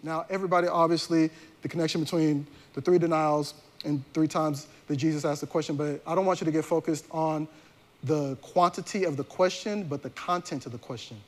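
A man's voice: a little high, steady tone, a little fast. A male pastor preaching a sermon in a conversational, slangy way, often restarting his sentences.

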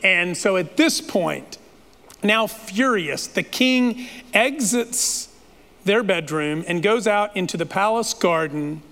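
A man's voice: high-pitched, expressive, takes it slowly, sharp tone. A man preaching a sermon, retelling a story in a dramatic, playful way with asides to the listeners. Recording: long reverb of a large hall.

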